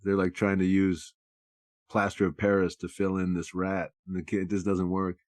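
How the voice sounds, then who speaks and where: Low-voiced man riffing in casual chat. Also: monotone, normal speed, dry recording. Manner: joking, riffing, with restarts. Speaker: podcast co-host.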